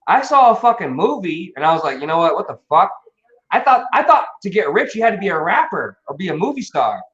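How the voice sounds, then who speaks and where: A man talking casually on a live stream, animated, emphatic and full of swearing. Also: high voice, quick pace. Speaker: crypto stream host. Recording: dull lo-fi stream audio.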